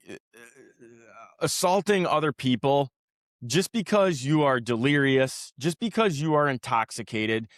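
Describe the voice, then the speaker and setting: A man's voice: medium pitch, fairly bright tone, dry recording, clean studio sound. A man hosting his own podcast, ranting in a rambling, profane way with many restarts before settling into casual talk about his work in healthcare. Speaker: podcast host; healthcare worker.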